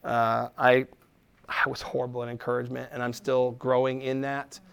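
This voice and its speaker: A middle-aged man preaching a sermon, animated, acting out quoted voices and dropping to a soft tone for encouragement. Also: medium pitch, normal speed, vocal fry, smooth. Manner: drops to a soft, quiet tone for encouragement. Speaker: pastor.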